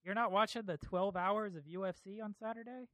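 A man's voice: high-pitched, brisk, pushed and bright, no room sound. A man hosting a casual podcast chat, laid-back and laughing often. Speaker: podcast host.

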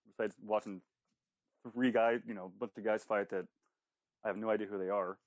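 A man's voice: on the low side, steady tone, no echo, muffled recording. A man in casual podcast chat, joking and swearing freely as he talks. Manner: profane, joking, quick-talking.

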